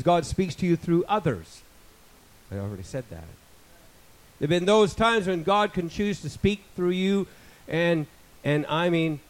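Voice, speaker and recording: A man in his fifties preaching a sermon, rambling with joking asides and building to loud, emphatic passages. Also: a little high, poor audio. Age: 50s.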